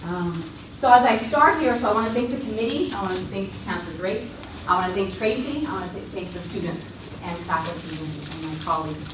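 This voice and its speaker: Expressive woman lecturing in an echoey hall. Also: medium pitch, a little fast, background noise. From Cuba. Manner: earnest, expressive, warm-hearted speaker. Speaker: university lecturer giving a talk. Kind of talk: public lecture with a recited poem. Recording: roomy hall sound from a distance.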